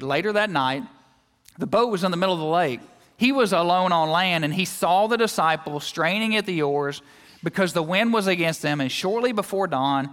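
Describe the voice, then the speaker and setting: A male guest preacher giving a sermon in a church, telling lively, joking stories and acting out everyday scenes. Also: a little high, long reverb tail. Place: church sanctuary.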